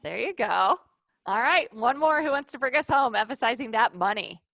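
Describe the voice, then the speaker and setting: A woman's voice: on the high side, lively intonation, moderate pace, vocal fry, a bit bright, no echo. A woman leading a live online training session over a video call, upbeat and coaxing the participants.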